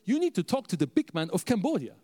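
A man voicing a jovial older male reverend with a Ghanaian accent, speaking in a booming, fatherly way. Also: big pitch swings, fast, warm tone. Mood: amused. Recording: echoey hall.

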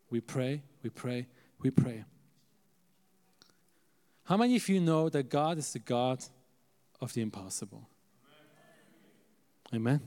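A male preacher telling a story in an animated sermon, calling out to the audience for amens. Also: medium pitch. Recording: echoey hall.

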